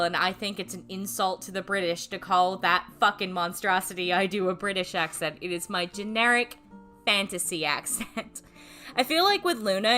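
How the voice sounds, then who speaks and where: Bright-voiced woman, rambling stream chat. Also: mid-range voice. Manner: rambling, self-deprecating, casual swearing, laughs often. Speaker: streamer and voice actor. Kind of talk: casual livestream chat.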